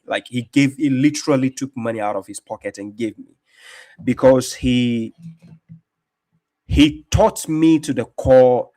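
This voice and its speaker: A man from Ghana, hosting a show and chatting casually, with many restarts and fillers. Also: mid-range voice. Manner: rambling, with frequent restarts and fillers. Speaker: online show host. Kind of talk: casual commentary, reacting to chat.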